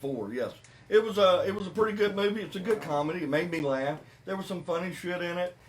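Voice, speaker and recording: A man hosting a podcast, chatting casually about a movie with animated, repetitive emphasis. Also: high voice, quick pace, slight background noise. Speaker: podcast host. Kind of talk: casual movie review chat.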